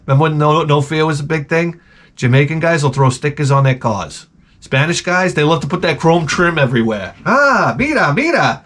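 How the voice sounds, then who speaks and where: A man telling a story in a casual vlog rant, animated and profane with many restarts. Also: a little high. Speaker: vlogger.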